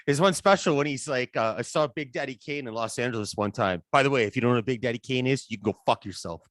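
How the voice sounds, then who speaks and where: A man hosting a podcast, chatting casually, excitable and profane, often restarting his sentences. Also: medium pitch, quick pace, no echo, clean studio sound. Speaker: podcast host.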